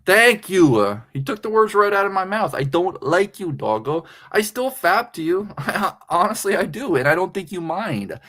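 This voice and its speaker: A man's voice: high-pitched, big pitch swings, moderate pace, fairly bright tone. A slightly tipsy man hosting a livestream, rambling crudely and laughing often. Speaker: livestream host. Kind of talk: casual livestream chat.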